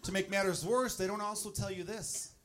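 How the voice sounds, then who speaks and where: A man's voice: sits high, steady tone, a little fast, fairly bright tone, a little hiss or hum. A man doing a stand-up set with crude, exasperated storytelling. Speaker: stand-up comedian.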